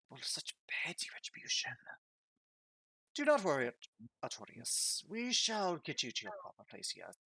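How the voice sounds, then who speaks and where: A man voicing a haughty male captor who calls himself an intellectual, speaking slowly and commandingly with lively swings in pitch. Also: vocal fry, slightly rough, no echo, heavily acted, poor audio.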